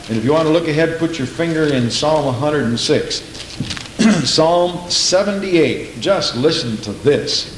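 A man preaching a sermon. He reads scripture aloud, explains the old words as he goes, and clears his throat often. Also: fairly high pitch. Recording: echoey room with faint hiss.

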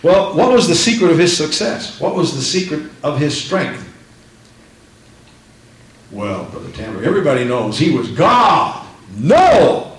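A high-voiced man preaching a sermon with fervent, repeated phrases and scripture read aloud. His voice rings out in an echoey church room.

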